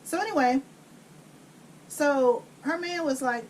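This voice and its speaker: Woman, high voice, blunt, swears freely, casual storytelling, home kitchen. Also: takes it slowly, a little hiss or hum. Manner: blunt, profane, animated storytelling. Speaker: co-host telling stories while cooking.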